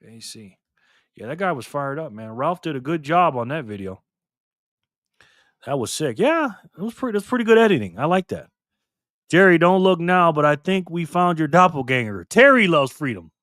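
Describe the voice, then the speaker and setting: A man's voice: on the high side, very animated, moderate pace, fairly bright tone, no echo, clean studio sound. A man hosting a casual live stream, chatting loosely with viewers and laughing easily. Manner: laid-back, chatty, laughs often, greets viewers.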